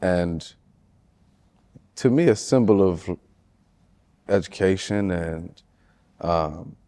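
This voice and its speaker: Low-voiced chicago guy, chill and slangy, keeps saying you know what i'm saying. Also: slow pace, warm tone. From Chicago, United States. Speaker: guest, musician. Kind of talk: casual interview conversation.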